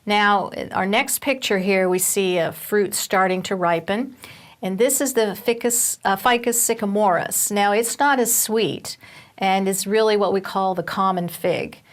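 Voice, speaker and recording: A woman's voice: mid-range voice, measured pace. A woman Bible teacher giving a recorded teaching session, explaining step by step with fillers and restarts.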